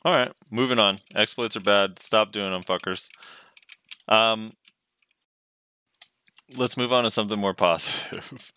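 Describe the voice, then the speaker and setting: A man's voice: on the low side, unhurried, long pauses, pushed and bright, clear, resonant tone, no echo. A man co-hosting a casual gaming podcast, blunt and wry, swearing offhandedly. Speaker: podcast co-host.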